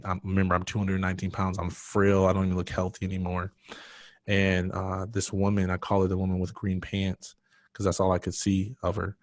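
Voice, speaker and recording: A man's voice: low voice, no room sound, clean studio sound. A man as a podcast guest, telling a personal story in an earnest, emotional way.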